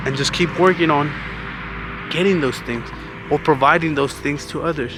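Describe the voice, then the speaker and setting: Man, earnest vlog advice, gravelly voice, mid pitch, a bit out of breath, music underneath. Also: fairly even intonation, a little fast. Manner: earnest, conversational, says "man" often. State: slightly out of breath. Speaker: vlogger. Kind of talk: casual motivational talk.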